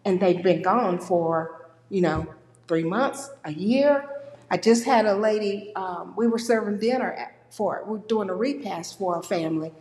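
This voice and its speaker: A woman's voice: medium pitch, a little slow. Woman teaching in an echoey church. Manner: warm conversational, acts out quoted people with lively voices. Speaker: speaker at a church. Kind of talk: conversational church teaching on grief. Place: church sanctuary. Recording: echoey church hall with long reverb.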